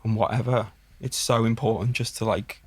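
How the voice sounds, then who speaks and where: A man from the Wirral with a Merseyside accent, a podcast guest telling stories in a relaxed, sweary way and often laughing. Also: lowish voice, normal speed, slightly rough, no room sound. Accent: Merseyside English. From Wirral, England. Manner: laid-back, sweary, laughs through his stories. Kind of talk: casual storytelling chat.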